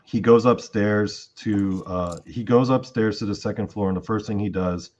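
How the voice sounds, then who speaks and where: A podcast host with a lowish, slightly mellow voice speaks at normal speed, and the recording has its highs cut off. He retells events in a rambling, casual storytelling chat, full of fillers and acted-out quotes.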